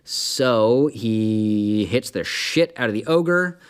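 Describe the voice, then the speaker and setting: A man's voice: fairly low pitch, expressive, takes it slowly, slight background noise. A man in the dungeon master role, narrating a tabletop game loosely, with many fillers and laughs.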